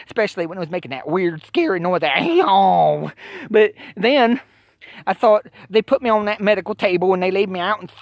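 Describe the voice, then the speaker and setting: A man's voice: high-pitched, no echo. Stammering man telling a comic tale. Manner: stammering, rambling, mock-distressed. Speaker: comic storyteller. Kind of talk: comic monologue.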